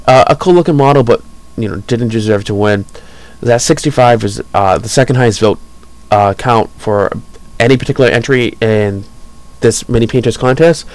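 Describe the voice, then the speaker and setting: A podcast host rambles through hobby news in a casual, enthusiastic way, chuckling as he goes. His voice is medium-pitched, and the audio quality is poor.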